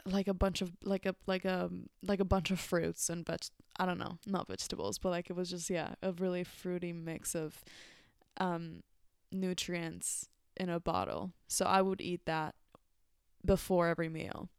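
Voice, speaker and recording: A young woman hosts her podcast in a relaxed, rambling monologue full of fillers and restarts. Her voice sits a little low and sounds smooth and clear. It is recorded close and dry, with no room sound. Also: no echo. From Mexico. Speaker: podcast host. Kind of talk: casual reflective monologue.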